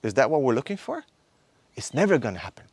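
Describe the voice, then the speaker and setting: Man, thirties, course instructor, hectoring lecture, rhetorical questions, very lively intonation. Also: mid-range voice, fast talker. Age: 30s. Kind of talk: impassioned motivational lecture.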